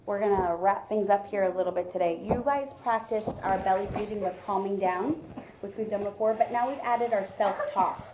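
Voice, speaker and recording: A woman leads a first grade lesson in her classroom, coaching the children with patient questions and quick praise. Her voice sits at a middling pitch. The recording is a little dull, with steady classroom noise behind her. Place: elementary school classroom.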